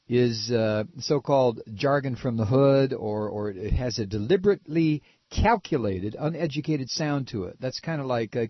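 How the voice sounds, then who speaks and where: An older man from Ohio with a nasal voice, talking casually and halting with many repeated restarts. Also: mid-range voice, breathy edge, no room sound. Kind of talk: casual opinion talk. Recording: dull lo-fi recording.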